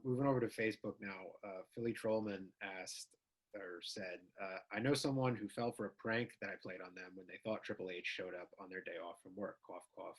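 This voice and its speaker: A man hosting, reading out fan questions in a relaxed way with many fillers. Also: lowish voice, husky. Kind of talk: casual interview hosting.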